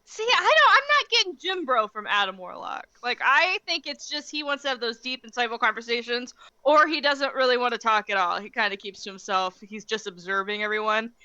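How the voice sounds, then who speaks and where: A young woman co-hosting a casual chat, animated and full of "like" fillers, laughing often. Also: on the high side, fairly quick, few pauses, no room sound, highs cut off. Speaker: podcast co-host.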